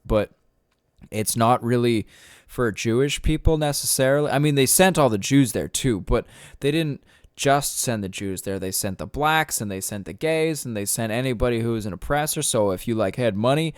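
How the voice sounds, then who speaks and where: A man's voice: medium pitch, clean tone, dry recording, studio quality. A young man hosting a solo podcast, ranting in a profane, rambling way with lots of fillers. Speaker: podcast host. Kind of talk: casual solo podcast rant.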